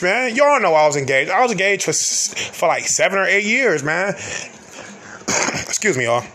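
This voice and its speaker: A young man hosting a podcast, with a fairly high and very bright voice. He talks in an earnest, confiding way and calls out to his listeners often. A faint hiss runs underneath. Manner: earnest, confiding, peppers talk with "man" and "y'all". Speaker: podcast host. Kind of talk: personal storytelling monologue.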